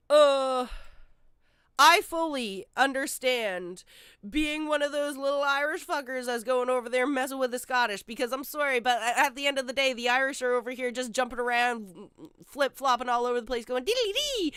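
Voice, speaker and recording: A woman's voice: high-pitched, a bit bright, smooth, dry recording. A woman streaming live, reacting to a video with blunt, profane, sarcastic commentary into a close mic.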